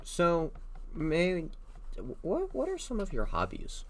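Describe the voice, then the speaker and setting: A man's voice: high voice, huge pitch swings, slow. A young man from Texas, a streamer chatting casually and asking joking interview questions while he plays a game. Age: young adult. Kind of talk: casual chat while gaming.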